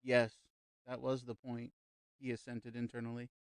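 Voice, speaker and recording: Male narrator for a classic novel audiobook: mid-pitched, measured, even storytelling, dry close mic. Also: clear, resonant tone, no echo. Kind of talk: scripted narration.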